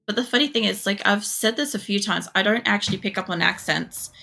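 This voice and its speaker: A woman's voice: medium pitch, fairly quick, vocal fry, sharp tone. An Australian woman streaming a game, chatting casually in a rambling way, swearing often and filling gaps with fillers. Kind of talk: casual gameplay chat.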